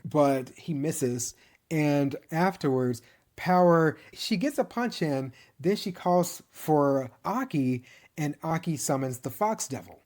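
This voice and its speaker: Man casually recapping an anime season. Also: on the high side. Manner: animated storytelling, chuckles often, mimics characters' lines.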